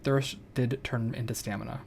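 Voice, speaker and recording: A man's voice: medium pitch, steady tone, moderate pace, gravelly, a little mellow, slight background noise. A man streaming a game, chatting casually in a rambling, self-correcting way. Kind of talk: casual gameplay chat.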